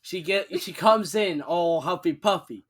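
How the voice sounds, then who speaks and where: A man's voice: high voice, unhurried, fairly bright tone. A man co-hosting a podcast, chatting casually in a laid-back, playful, joking way. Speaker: podcast co-host. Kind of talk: casual chat.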